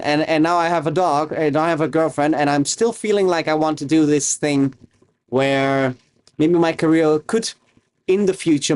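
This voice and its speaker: A young Romanian streamer talks in a loose, rambling way while he cooks. His accent is a mix he picked up online, and his voice sits a bit high for a man. He keeps breaking off to read and answer his chat. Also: darkish tone. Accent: mixed, mostly learned online. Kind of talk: casual livestream chat while cooking.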